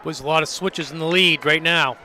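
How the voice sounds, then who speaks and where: A man's voice: on the high side, steady tone, brisk, pushed and bright, a little hiss or hum. A man giving casual live commentary on a track meet, calling out leads and reading heat line-ups in a matter-of-fact way.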